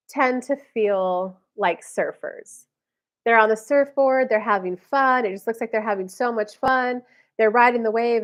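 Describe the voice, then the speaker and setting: A woman hosting a live stream, giving conversational psychic readings and responding to viewer comments. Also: on the high side. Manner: chatty, relays guidance in a conversational flow.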